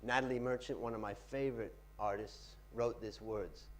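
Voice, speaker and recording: With a steady tone and normal speed, a man gives a live pitching workshop to a seminar-room audience, adjusting loudness and pace for effect. There's slight background noise.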